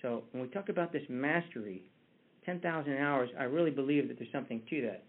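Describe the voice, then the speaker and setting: A motivational speaker gives a conversational talk built around a story, his mid-range voice moving a little fast and often restarting his words. The line sounds tinny, like a phone, with slight background noise.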